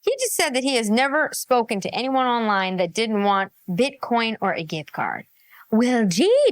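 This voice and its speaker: A woman hosting a reaction commentary, exasperated and animated, often laughing. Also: fairly high pitch, normal speed, no room sound. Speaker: reaction host.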